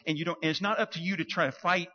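A man's voice: on the high side, fairly even intonation, rapid-fire, bright, forceful tone. A man preaching a sermon as a pastor, in a conversational way, acting out quoted voices. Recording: dull sound with long hall reverb.

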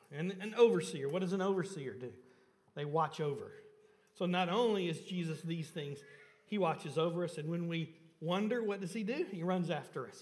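Man, pastor, sermon, high-pitched, emphatic rises and soft drops, questions to the congregation, long church reverb. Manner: rises and falls in pitch and volume for emphasis, dropping low and soft on key points. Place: church sanctuary.

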